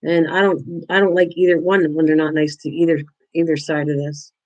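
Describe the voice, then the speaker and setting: A woman's voice: low-pitched, level tone, a little fast, darkish tone, dull audio. Chatty older woman crafting on a livestream. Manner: chatty, answers viewers by name, frequent restarts. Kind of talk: casual livestream chat while crafting.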